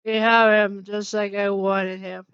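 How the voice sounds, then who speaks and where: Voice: mid-range voice, little pitch movement, a little slow, smooth, dry recording, natural voice. A reader doing a smug Irish-accented villain. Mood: gloating. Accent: Irish, put on. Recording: dull lo-fi recording.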